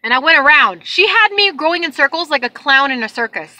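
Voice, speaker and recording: A young woman chatting casually to her vlog audience, telling stories in an animated, exasperated way. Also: high-pitched, moderate pace, hardly any pauses, dry recording, poor audio. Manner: animated storytelling, exasperated retelling. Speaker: vlogger.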